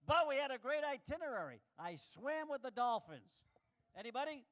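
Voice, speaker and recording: A man doing a stand-up comedy set on a club stage, animated and acting out the voices he quotes. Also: moderate pace. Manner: animated, acts out quoted voices with big pitch jumps.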